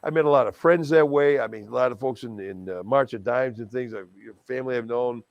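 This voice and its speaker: A middle-aged man from Wisconsin, a charity auctioneer telling stories in a casual interview, lively and self-deprecating, often restarting his words. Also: mid-range voice, fairly quick, vocal fry, dry recording, highs cut off. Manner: animated, self-deprecating, many restarts and stammered repeats. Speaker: guest, charity auctioneer and stadium announcer.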